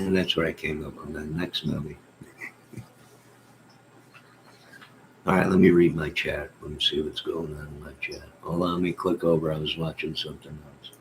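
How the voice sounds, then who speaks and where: A man's voice: a bass voice, level tone, slight background noise, low-quality recording. A man hosting a casual livestream, reading his chat and telling rambling, joking stories. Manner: rambling, joking storyteller with drawn-out asides. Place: at home in bed.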